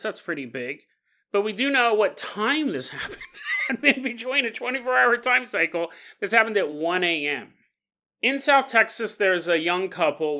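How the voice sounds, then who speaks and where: Jokey man with a bright, high voice. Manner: jokey, laughs often. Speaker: podcast host. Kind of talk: comedic storytelling.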